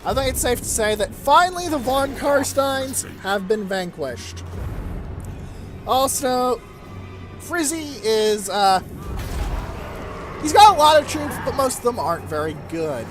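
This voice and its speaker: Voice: medium pitch, expressive, measured pace, long pauses, music in the background. A let's-play host giving casual gameplay commentary in a chatty, wry way, now and then breaking into incredulous repeated questions.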